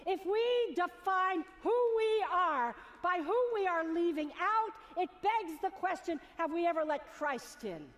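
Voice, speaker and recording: A woman's voice: very high-pitched, lively intonation, a little slow, hardly any pauses, slight background noise. A woman preacher delivering a sermon in a rhythmic, repetitive cadence. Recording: long reverb of a large hall.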